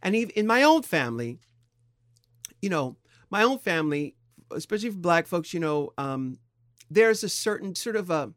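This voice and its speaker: A middle-aged man from San Diego, co-hosting a podcast in candid, casual talk, thoughtful and halting with expressive swings in pitch. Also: no echo, clean studio sound. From San Diego, California. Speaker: podcast co-host.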